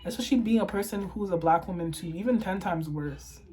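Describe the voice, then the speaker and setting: A woman's voice: lowish voice, brisk, dark tone, poor audio. A young woman from Toronto, Canada, tearful and impassioned, ranting and swearing in an emotional to-camera vlog monologue. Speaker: vlogger.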